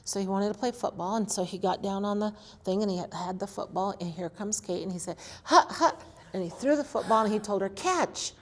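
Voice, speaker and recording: A woman in her sixties recounts old neighborhood stories for an oral history, bringing each scene to life by acting out the voices. Her storytelling is chatty and animated. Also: mid-range voice, quick pace, hardly any pauses. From Colorado, USA. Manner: animated storyteller, acts out quotes. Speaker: interviewee.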